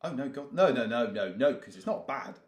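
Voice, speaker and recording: A man's voice: medium pitch, animated, fairly quick. Dry, teasing man in an echoey room. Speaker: co-host. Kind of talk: casual chat. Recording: roomy echo, faint noise.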